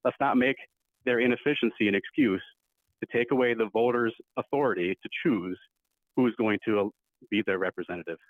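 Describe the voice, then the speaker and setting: A man's voice: on the low side, brisk, no room sound. A man who is a county board supervisor, making an emphatic, argumentative debate speech at a public meeting. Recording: tinny phone-like line, dry.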